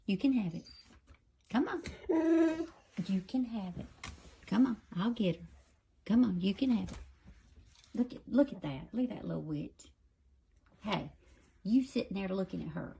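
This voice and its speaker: A woman's voice: mid-range voice, lively intonation, moderate pace, vocal fry, pauses often, dark tone, slight background noise. A woman talking to her dogs in a coaxing, scolding, sing-song way. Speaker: pet owner filming her dogs. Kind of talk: casual talk to dogs.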